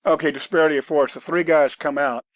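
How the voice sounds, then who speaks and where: A man's voice: fairly high pitch, fairly even intonation, fast, no room sound. A man guest on a podcast, telling self-defense stories in a blunt, matter-of-fact way. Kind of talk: conversational podcast storytelling.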